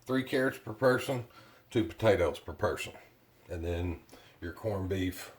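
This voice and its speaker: A man's voice: deep voice, measured pace. A man hosting a casual home cooking video, talking in a chatty, plainspoken way with frequent fillers.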